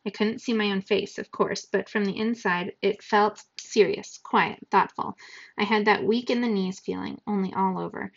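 A woman reading a novel aloud to students in an even, measured storytelling manner. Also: mid-range voice, vocal fry. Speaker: reader. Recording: dull lo-fi recording.

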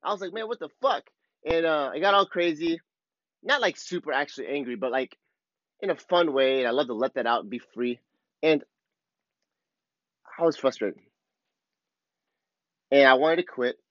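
A man's voice: on the high side, normal speed, long pauses, a bit bright, no room sound, lo-fi sound. A man talking as a surf coach in a casual, rambling monologue, candid and full of swearing, recorded on a clip-on mic. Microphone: clip-on wireless mic.

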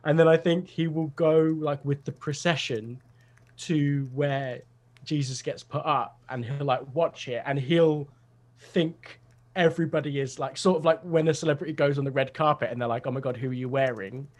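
A man's voice: a little high, fairly even intonation, moderate pace. A young man chatting casually over a video call, rambling through a comedy idea with lots of fillers.

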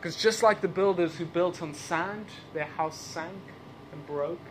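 High-voiced animated male preacher. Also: a little slow, a little hiss or hum. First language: not English. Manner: animated, laughing asides, repeats rhetorical questions. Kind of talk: sermon. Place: church service.

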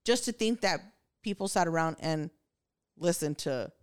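A young woman co-hosting a casual podcast, swearing freely and laughing through her banter. Her voice sits a little low for a woman. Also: expressive, moderate pace, smooth. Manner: profane, laughing, loose banter. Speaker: podcast co-host.

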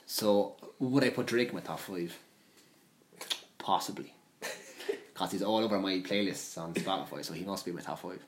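A man's voice: sits low, moderate pace, long pauses, noisy background. A young man, co-hosting a casual podcast chat, rambling with lots of swearing and restarts. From Ireland. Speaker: podcast co-host. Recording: echoey room.

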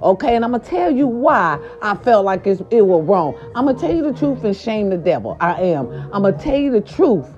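A woman vlogger rants to her viewers with a lively, swooping voice and a mellow, warm tone, swearing freely and repeating lines for emphasis. The recording is dull and lo-fi, with faint music playing behind her. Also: mid-range voice, moderate pace, few pauses. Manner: profane, repetitive, talks straight to her viewers. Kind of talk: casual rant to camera. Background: faint background music.

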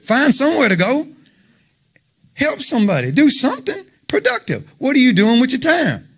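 A man's voice: very high voice, huge pitch swings, normal speed, a bit bright, husky. A man preaching an informal sermon, conversational and emphatic, full of rhetorical questions.

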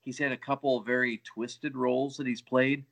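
A man's voice: medium pitch, little pitch movement, moderate pace, gravelly. A man co-hosting a podcast in casual chat, talking enthusiastically and with lots of exclamations. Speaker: podcast co-host.

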